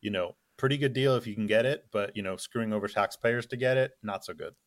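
A man's voice: fairly low pitch, quick pace, dry recording. A man talking politics as a guest correspondent, speaking loosely with lots of fillers and a dry, sarcastic edge. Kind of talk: casual political chat.

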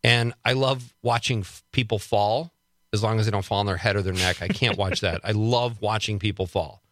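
A man's voice: on the low side, steady tone, normal speed, fairly bright tone, slight background noise. A man hosting a radio talk show, chatting casually and joking, laughing often between remarks. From Wisconsin.

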